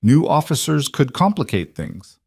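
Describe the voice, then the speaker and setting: A man voicing a quiet, careful cowboy who speaks plainly in a storybook reading. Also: mid-range voice, big pitch swings, normal speed, creaky, breathy edge, no echo, clean studio sound, voice pushed up, full character voice. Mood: quiet, earnest.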